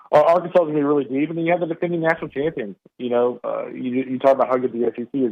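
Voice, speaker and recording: A medium-pitched man with an East Texas drawl calls in to a radio show, his mid-range voice sounding thin and tinny over the phone. The baseball analyst rambles through his picks, restarting often and leaning on fillers.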